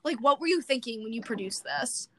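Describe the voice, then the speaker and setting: A woman's voice: fairly high pitch, expressive, a little fast, noisy background. A young adult woman hosting a podcast, recapping a movie in casual chat, rambling with many fillers. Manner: rambling, lots of fillers, acts out quotes. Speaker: podcast host.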